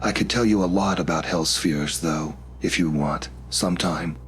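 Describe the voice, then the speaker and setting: A man's voice: sits low, moderate pace, a little hiss or hum, lightly acted. Man voicing a reckless cheerful young warlock. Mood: eager. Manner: eager, rambling and apologetic.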